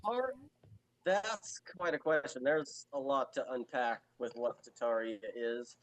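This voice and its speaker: A man's voice: medium pitch, measured pace, fairly bright tone, poor audio. A man speaking as a guest on a podcast in casual chat, emphatic and exasperated.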